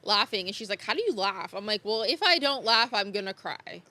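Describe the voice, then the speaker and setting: A woman's voice: medium pitch, animated, fairly quick, pushed and bright, no echo. A young woman guest on a podcast, telling her story frankly and casually, swearing freely and laughing off hard memories. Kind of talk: candid conversational storytelling.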